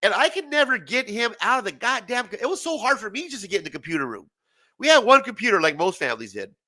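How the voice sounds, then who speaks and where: Animated, profane male talk-show host. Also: high-pitched, fast talker. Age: 40s. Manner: profane, animated, laughs often. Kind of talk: casual late-night rant.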